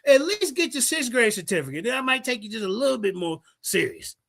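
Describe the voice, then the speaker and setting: Man, high and lively voice, cocky debate-stream host on a heated rant. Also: fairly quick, creaky. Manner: brash, profane, mocking, reads out sources. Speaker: livestream host.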